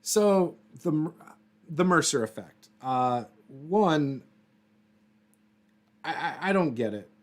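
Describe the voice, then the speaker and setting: A man's voice: a little high, expressive, slow pace, pauses often. A man hosting a casual tabletop RPG livestream, rambling and laughing often, with many fillers and restarts as he answers viewer comments.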